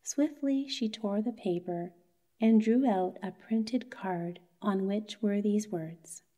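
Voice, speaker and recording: Soothing, mellow woman storyteller. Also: mid-range voice. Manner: soothing, slow and soft. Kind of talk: bedtime story narration.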